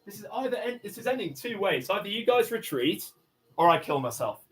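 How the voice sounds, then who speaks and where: An Englishman with a fairly high voice makes aggressive, profane demands on a phone livestream. He drops to low mutters, then bursts into angry shouting. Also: very animated, fairly quick. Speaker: livestreamer in a police standoff. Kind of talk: livestreamed confrontation. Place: inside a house.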